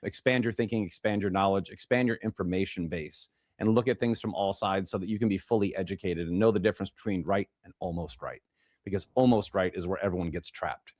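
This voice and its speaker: Low-voiced Chicago man hosting a show. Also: brisk, a little mellow, dry recording, clean studio sound. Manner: rambling, repeats himself and restarts phrases. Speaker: podcast host. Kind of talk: casual monologue introducing a guest.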